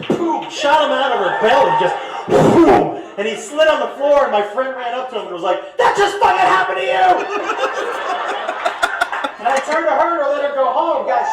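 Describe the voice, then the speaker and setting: A stand-up comedian telling a long story on stage, animated and shouting his punchlines over the laughter. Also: very high-pitched. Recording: echoey comedy club from the stage.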